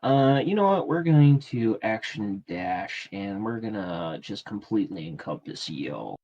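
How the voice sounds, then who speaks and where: A man's voice: on the low side, sing-song, a little slow, warm tone, dull audio. Casual man running a tabletop game. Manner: casual, many filler uhs. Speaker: game master. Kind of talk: explaining rules in a tabletop game stream.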